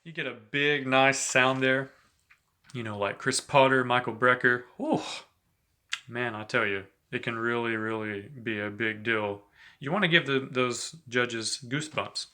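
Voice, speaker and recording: A man giving a relaxed, chatty saxophone lesson, talking between played examples and filling his talk with "you know". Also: medium pitch. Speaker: saxophone teacher. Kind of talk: casual instructional talk between playing examples.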